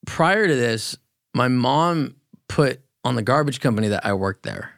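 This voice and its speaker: A man's voice: mid-range voice, lively intonation, a little slow, gravelly, no room sound, clean studio sound. A man speaking as a podcast guest, talking about his past in a candid, plainspoken way. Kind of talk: casual interview talk.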